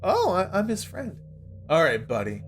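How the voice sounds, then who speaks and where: A brash film-buff dad with a blustery, lecturing way of talking, as a man reads him in a lower, slower voice. His delivery swings widely, and clear music plays under him throughout. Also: huge pitch swings, exaggerated voice. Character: brash film-loving middle-aged dad.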